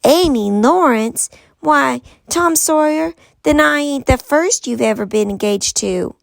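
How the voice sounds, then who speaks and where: A woman's voice: high-pitched, animated, a little slow, creaky, no room sound, pitched above the performer's own voice, exaggerated voice. A woman voicing a prim young schoolgirl in a read-aloud storybook, with a lilting, raised voice. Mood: indignant.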